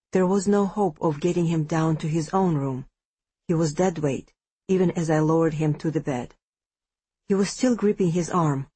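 A woman narrating a first-person fantasy audiobook at a measured, steady pace. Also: low voice, breathy edge, no echo.

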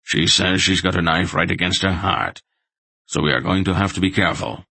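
A man playing a wise old man who speaks in a grave, measured way. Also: sits low, gravelly, sharp tone, breathy edge, no echo, full character voice. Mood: cautious. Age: older.

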